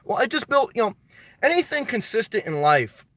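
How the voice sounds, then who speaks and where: A man's voice: extremely high pitch, big pitch swings, normal speed, fairly bright tone, no room sound, low-quality recording. A man hosting a motivational livestream. He talks emphatically, repeats his key phrases, calls viewers brother and swears casually. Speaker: livestream host reading viewer comments.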